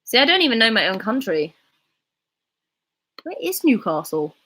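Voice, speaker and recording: Breathy young Southern English woman. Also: fairly high pitch, big pitch swings, normal speed, bright, forceful tone. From England. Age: 20s. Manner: chatty, rambling, reads chat aloud. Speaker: livestreaming YouTuber. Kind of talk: casual chat reading live comments.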